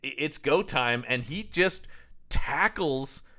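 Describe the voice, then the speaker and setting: A man's voice: on the high side, expressive, slow. A man co-hosting a podcast, chatting casually about a horror film and reading out quotes with amused enthusiasm. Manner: reads out film quotes with amused enthusiasm, drops quiet on punchlines. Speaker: podcast co-host. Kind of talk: casual movie review chat.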